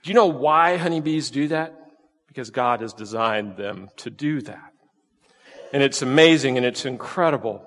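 A man's voice: medium pitch, animated, normal speed, a bit bright. A man preaching a conversational sermon as pastor, full of rhetorical questions. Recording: long reverb of a large hall.

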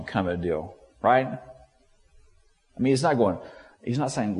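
A man's voice: medium pitch, lively intonation, moderate pace. Male pastor, conversational sermon, voices the characters he quotes, reverberant church sound. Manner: conversational, acts out quotes with shifting tone. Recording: long hall reverb.

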